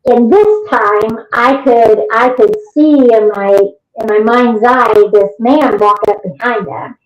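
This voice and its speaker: A woman telling a story as an interview guest, lively and vivid. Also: a little high, slow pace. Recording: roomy, muffled remote recording.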